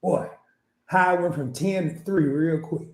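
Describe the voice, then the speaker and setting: A man from small-town Arkansas, a guest on a podcast, tells a rambling story through laughter in a casual storytelling chat. His voice is on the high side with a darkish tone, and he's unhurried; the room sounds echoey.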